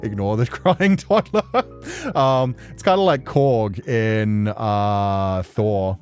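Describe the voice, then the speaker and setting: A man's voice: on the low side, slow pace, darkish tone, soft background music. A man streaming from his apartment, chatting casually and laughing often while he plays a game. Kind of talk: casual live-stream commentary while reading a game aloud. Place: home apartment.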